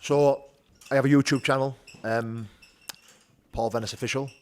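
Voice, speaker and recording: At a normal speed and medium pitch, with a steady tone, a middle-aged man from the North of England speaks over slight background noise. He's a podcast guest recounting his story candidly, peppered with "you know" and "do you know what I mean".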